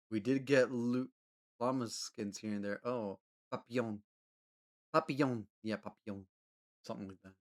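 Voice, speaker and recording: A man's voice: on the low side, a bit bright. A man chatting casually with his live-stream audience, rambling with lots of fillers and frequent laughter. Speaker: livestreamer.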